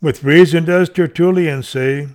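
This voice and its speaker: A man's voice: on the high side, measured pace. A man reading an old devotional sermon aloud in a solemn, emphatic way, lifting his voice on each turn of the argument. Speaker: reader of a devotional text.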